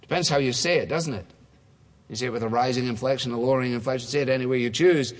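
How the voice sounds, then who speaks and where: A man's voice: medium pitch, quick pace. Man preaching in an echoing hall. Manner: conversational, acts out dialogue voices. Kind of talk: sermon. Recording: long hall reverb.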